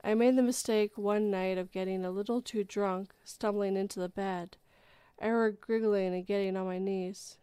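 A woman hosting a livestream, reading a horror story aloud in a relaxed way and often correcting herself. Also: mid-range voice, normal speed, clear, resonant tone, no room sound. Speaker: story reader and livestream host.

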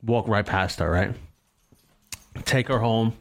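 A man's voice: fairly low pitch, takes it slowly, creaky. A young man on a podcast telling a rambling, profane story about himself in casual chat, laughing at himself. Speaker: podcast co-host.

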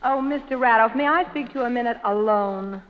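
A woman's voice: fairly high pitch, brisk. A woman appearing as an actress guest in a 1930s radio comedy, with a sweet, coy delivery. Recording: muffled old radio broadcast with long reverb.

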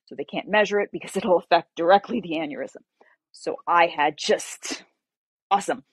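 A woman novelist telling her story as an interview guest in an animated, conversational way. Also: lowish voice, normal speed, husky, dry recording. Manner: animated, acts out dialogue while telling a story.

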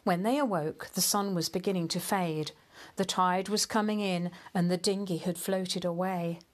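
A woman reading a children's storybook aloud in a gentle, measured and expressive way. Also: fairly low pitch.

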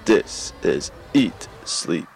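A co-host banters on a podcast, teasing in a drawn-out way. He speaks very slowly, with a lively rise and fall in his pitch. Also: gravelly, soft background music.

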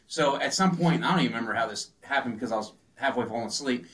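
A man's voice: mid-range voice, quick pace, fairly bright tone, recorded from a distance, slight background noise. A tipsy man co-hosting a podcast, telling a rambling, profane story in casual chat. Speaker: podcast co-host.

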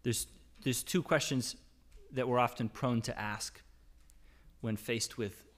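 Male pastor, conversational sermon, mid-pitched voice, reads scripture, tag questions. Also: steady tone, slow. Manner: reads scripture aloud, rising to emphatic cries.

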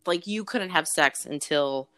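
A woman in her forties tells personal stories as an interview guest. Her voice sits a little low, and she talks openly and profanely, with plenty of fillers and laughs. The sound is close and dry, with no room echo. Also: measured pace, bright, forceful tone. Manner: candid, frank and profane, with frequent laughs and fillers. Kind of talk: casual interview storytelling.

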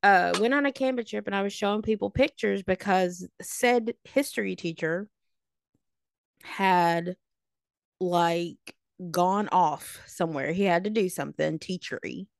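A woman in her late thirties, a podcast co-host telling high school stories in a snarky, animated way. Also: measured pace, vocal fry, no room sound, clean studio sound. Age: late 30s. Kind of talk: casual storytelling chat.

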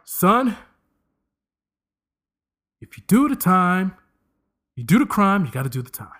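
Animated joking man in his thirties. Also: high-pitched, brisk. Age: 30s. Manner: animated, joking, slips into voices. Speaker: podcast host. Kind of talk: comedic casual monologue.

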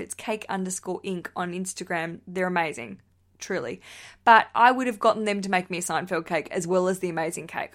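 Her voice is mid-range and fairly bright. An Australian host likely in her thirties, she runs a wedding podcast, reading out listener messages in a chatty, bubbly manner with frequent laughter and casual swearing.

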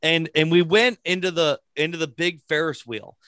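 A man's voice: on the high side, fairly even intonation, normal speed, bright, forceful tone, no room sound, studio quality. A man chatting casually and telling a story with plenty of swearing. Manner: storytelling with profanity. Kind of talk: casual chat.

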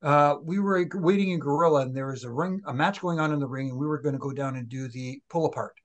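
A man's voice: a little high, quick pace. Easygoing man telling anecdotes. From Toronto, Canada. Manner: relaxed anecdotes, laughs easily, polite. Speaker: retired referee, podcast co-host. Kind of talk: casual chat.

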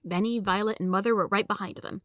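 A woman narrating a children's story aloud in a steady, even storytelling manner. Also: mid-range voice, fast, dry recording, clean studio sound.

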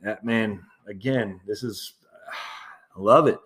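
Low-voiced man rambling on his podcast. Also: slow, fairly bright tone. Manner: rambling and candid, with many fillers and restarts, calling listeners "my friends"; laughs easily while talking. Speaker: podcast host. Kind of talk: casual solo commentary.

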